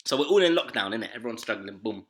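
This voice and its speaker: A man's voice: on the low side, very fast. A young man, hosting a casual podcast and telling school and family stories with slang and frequent laughter. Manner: laughing, slangy, animated retelling. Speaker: podcast host. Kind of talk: casual storytelling chat.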